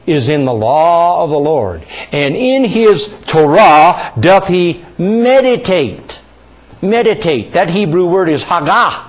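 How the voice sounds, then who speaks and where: Animated male pastor teaching a sermon. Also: fairly high pitch. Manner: asks the congregation questions and repeats key words; stretches scripture quotes out slowly.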